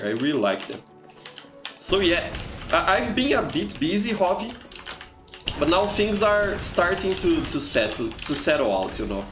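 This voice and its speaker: A Brazilian man who streams and teaches chats casually over gameplay, greeting viewers and leaning on "you know" as a filler. His voice is fairly high, and the echoey room has faint music and background noise.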